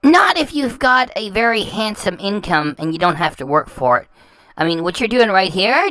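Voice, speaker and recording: A woman's voice: mid-range voice, very animated, moderate pace, a bit bright, no room sound, rough recording. A woman hosting a reaction channel, talking over clips in a scornful, insulting way and often stumbling and repeating words. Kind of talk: mocking commentary over clips.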